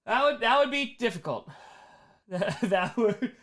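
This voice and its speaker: A man hosts a casual livestream Q&A, reading chat questions aloud and poking fun at himself. His voice sounds worn and hoarse. It sits fairly high and swings up and down a lot. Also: unhurried. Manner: animated, reads chat aloud, self-mocking jokes. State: hoarse, strained voice. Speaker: streamer answering viewer questions.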